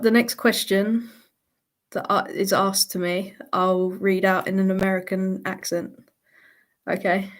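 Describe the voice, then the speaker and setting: Slow-talking woman hosting a live Q&A. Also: medium pitch. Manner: chatty, laughs often, reads out viewer questions. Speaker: livestream host answering viewer questions. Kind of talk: casual live Q&A chat.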